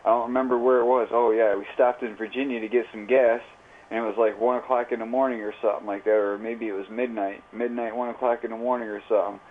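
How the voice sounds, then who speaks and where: A man's voice: mid-range voice, little pitch movement, fast, slight background noise. A man telling a rambling, profane story in casual, slang-heavy chat while livestreaming. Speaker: live streamer. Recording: tinny phone-like audio.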